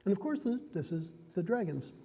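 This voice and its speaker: A man's voice: high voice, sing-song, fairly quick, dark tone, slightly rough, big-room sound. A man acting as game master, explaining how to play a tabletop role-playing game in an upbeat, chatty way that often breaks into laughter. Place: card and game shop.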